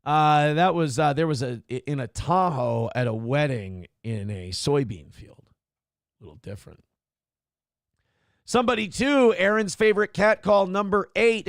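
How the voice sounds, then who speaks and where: A man hosts a live show and reads viewer messages out loud. His voice sits a little high and has a gravelly edge. He lifts for each message and sinks into low, deadpan comments after it, all heard close and dry with no room sound. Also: a little slow, pauses often, no echo. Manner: reads messages in a raised voice, then drops into low wry asides. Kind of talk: casual live-stream chat.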